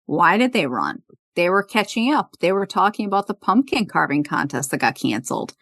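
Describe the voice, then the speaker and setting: A woman's voice: on the low side, brisk, vocal fry. Woman recapping an episode casually. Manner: retells scenes quoting characters, animated. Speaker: podcast host.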